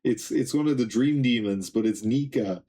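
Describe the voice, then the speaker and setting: A young man streaming a live reaction, reading a comic aloud and reading its dialogue in his plain voice, in a casual, halting way. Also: medium pitch, dark tone.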